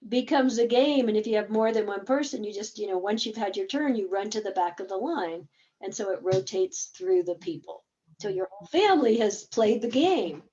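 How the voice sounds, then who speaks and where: Mellow-voiced woman teaching a webinar. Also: medium pitch, animated, normal speed, muffled recording. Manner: explains with examples, briefly acting out game dialogue. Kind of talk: conversational teaching talk.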